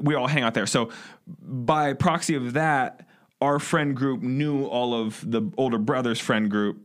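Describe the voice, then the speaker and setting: A man's voice: medium pitch, a bit bright. A young man from the US Midwest, a podcast co-host telling rambling stories in casual chat, laughing often.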